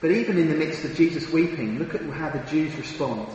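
A man's voice: on the high side, a little fast, darkish tone, highs cut off, slight background noise. A man preaching a sermon, earnest and emphatic, often restarting and repeating his words. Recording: very echoey hall with long reverb.

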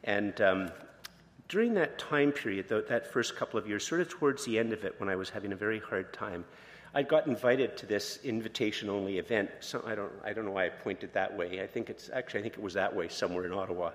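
A man's voice: fairly low pitch, quick pace, in a large hall. A man pastor giving a conversational sermon, telling personal stories in an informal, candid way with lots of fillers and restarts. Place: church sanctuary.

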